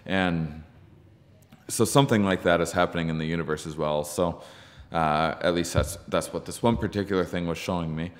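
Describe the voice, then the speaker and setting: A comedian being interviewed, telling a story in a halting, searching way with many ums and restarts. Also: male voice, sits low, fairly even intonation. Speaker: podcast guest, comedian. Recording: long reverb from the room.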